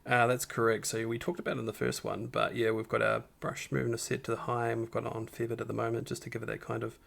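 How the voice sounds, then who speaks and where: A man hosting a live stream with a rough morning voice, casually talking viewers through a Photoshop edit step by step. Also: mid-range voice, monotone, quick pace, fairly bright tone. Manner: talks the viewers through each step, upbeat and encouraging. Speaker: stream host doing a Photoshop tutorial.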